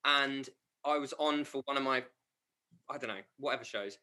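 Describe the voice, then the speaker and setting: A man in a musical theatre cast telling backstage stories in casual chat, animated and laughing often. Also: mid-range voice, moderate pace.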